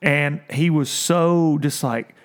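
Animated, laughing male fishing-show host. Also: a little high, takes it slowly. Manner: animated storyteller, laughs often, quotes others in voices. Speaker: podcast host. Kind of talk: casual storytelling chat.

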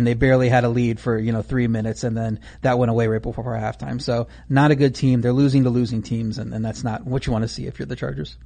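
A man rattles through football stats at a quick clip, his voice dark and mellow. He sounds measured and fact-driven, listing rankings and numbers in steady order. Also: medium pitch, vocal fry. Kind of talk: stat-heavy betting analysis.

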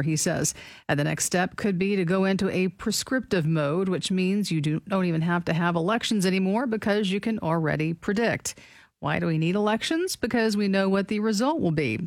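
A woman co-hosting a talk radio show, reading news stories aloud in an even, matter-of-fact way. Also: on the low side, no echo.

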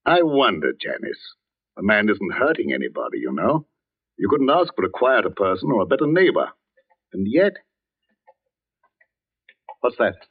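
An actor playing a worried, dignified older village vicar in a 1940s radio drama. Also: male voice, lowish voice, very animated, moderate pace, long pauses. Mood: uneasy. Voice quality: earnest, fretful, dignified. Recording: dull old radio broadcast.

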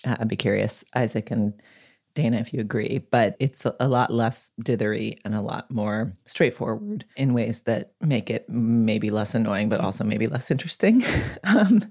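A woman's voice: extremely low pitch, moderate pace, husky. A woman on a culture podcast panel, talking casually and sarcastically and slipping into mock voices when she quotes. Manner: animated, sarcastic, mimics voices when quoting.

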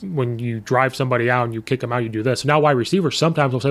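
A man's voice: mid-range voice, steady tone, racing, hardly any pauses. A man hosting a podcast, chatting casually and telling coaching stories, quoting his players and himself. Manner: storytelling, quotes players and himself. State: voice sometimes hoarse from coaching. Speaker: podcast host and high school coach.

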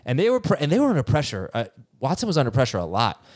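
Man, podcast co-host, casual sports chat, mid-pitched voice, brisk and teasing. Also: wildly swooping pitch, dry recording, studio quality. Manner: brisk, teasing, frequent "uh" fillers. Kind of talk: casual fantasy football chat.

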